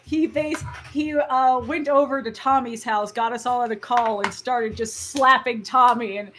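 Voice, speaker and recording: A young woman guest on a podcast, telling jokey made-up stories with a deadpan delivery over a remote call. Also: sits high, normal speed, hardly any pauses. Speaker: podcast guest, video editor. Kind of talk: casual podcast chat.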